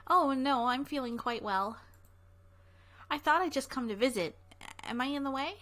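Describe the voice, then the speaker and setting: A woman's voice: high voice, normal speed, a bit bright, voice pushed up. A woman voicing a curious, playful young heroine as she reads a visual novel aloud. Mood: eager curious. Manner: eager, inquisitive, playful. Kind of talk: voice acting while reading a visual novel.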